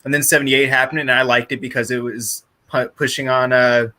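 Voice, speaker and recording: Man, casual review chat, bright tone, mocking and animated. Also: mid-range voice, a little fast. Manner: animated, mocking, mimics accents. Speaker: podcast guest.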